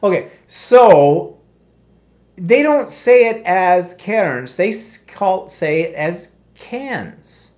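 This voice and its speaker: Lively-voiced Canadian man, chatty co-host. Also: high-pitched, slow pace. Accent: Canadian, Ontario. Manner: chatty, wry, self-deprecating. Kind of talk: casual live chat.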